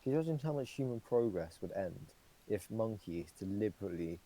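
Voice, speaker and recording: A man's voice: fairly low pitch, expressive, a little fast, crowd noise, low-quality recording. A young man co-hosting a podcast, rambling through casual chat with lots of fillers and swearing. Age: young adult. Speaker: podcast co-host.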